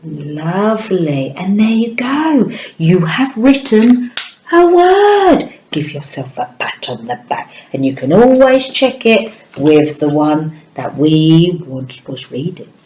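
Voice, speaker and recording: A woman teaching a children's phonics lesson, encouraging the children and sounding out words slowly for parents and children at home. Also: deep voice, expressive, dark tone. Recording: echoey room.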